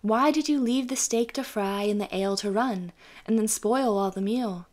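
A woman's voice: medium pitch, normal speed, darkish tone, lightly acted. A woman voicing a blunt farmer husband in a storybook reading, exclaiming and scolding. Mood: exasperated.

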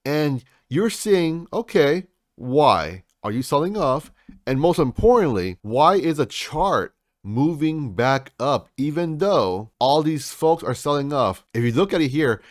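A man's voice: fairly high pitch, expressive, a little slow, no echo, clean studio sound. A man hosting a crypto channel, giving hyped market commentary in a salesy way and calling his viewers folks.

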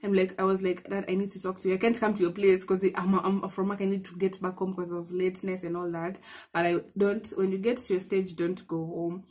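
A young woman with a Kenyan accent, telling a personal story to her viewers in an excitable, chatty way. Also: mid-range voice, fast. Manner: chatty and excitable, mixing in Swahili, many restarts. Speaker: vlogger. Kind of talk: casual storytelling to camera.

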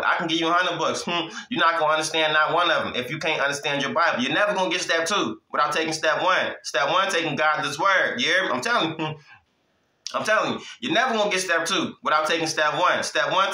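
A man teaching from the Bible in a loose, conversational way, with a slightly high, very bright voice. He keeps checking in with his listeners as he preaches, and the sound rings around a roomy space. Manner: repeats "you hear me?" and "listen to me", chuckling, conversational. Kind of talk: informal preaching.

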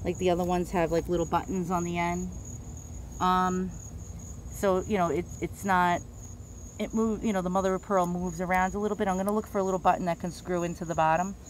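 A woman's voice: fairly low pitch, little pitch movement, a little fast, slight background noise. A middle-aged woman with a Queens, New York accent, chatting casually as she shows off antiques and stumbles over names. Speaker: antique dealer. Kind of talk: casual show-and-tell.

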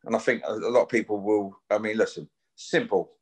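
A man's voice: lowish voice, fairly quick, a little mellow, slightly rough. A man talks bluntly as a guest in a casual chat. He swears freely and keeps a challenging, confrontational edge throughout. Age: 50s.

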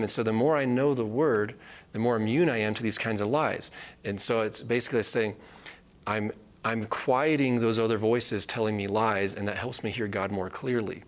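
A man's voice: fairly even intonation, moderate pace. Earnest man teaching the Bible. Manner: earnest, repeats points with "right?" tag questions; acts out quoted voices in a higher pitch.

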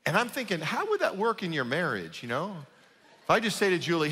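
A pastor giving a conversational, emphatic sermon, often checking in with the congregation. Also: male voice, high-pitched, very animated, brisk, sharp tone, husky, in a large hall. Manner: conversational, emphatic, asks "right?".

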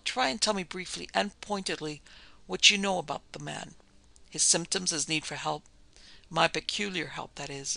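Narrator doing a calm serious psychic doctor, forties, gentle but firm, gravelly bright voice. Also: male voice, fairly high pitch, no echo, exaggerated voice. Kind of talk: classic ghost story reading.

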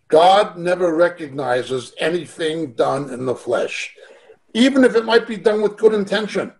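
A man with a fairly high voice teaches scripture over a video call. He is emphatic and repeats his key lines to drive them home. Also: animated, unhurried, rough recording. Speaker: Bible teacher. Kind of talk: online Bible teaching.

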